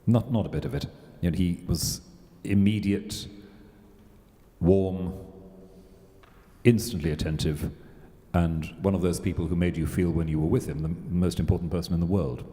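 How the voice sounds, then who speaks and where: A man speaking on a panel in a measured, reflective way. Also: low-pitched, steady tone, warm tone. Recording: hall reverb.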